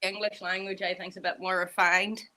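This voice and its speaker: A woman's voice: fairly low pitch, level tone, brisk, noisy background. A young woman with a mixed Northern Irish accent, chatting casually and rambling with easy laughs. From Northern Ireland. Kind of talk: casual chat.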